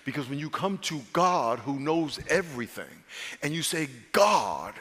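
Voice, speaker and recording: A man, a pastor, preaching an animated sermon and calling the congregation to repeat phrases back. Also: a little high, moderate pace, in a large hall. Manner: animated preaching with call-and-response.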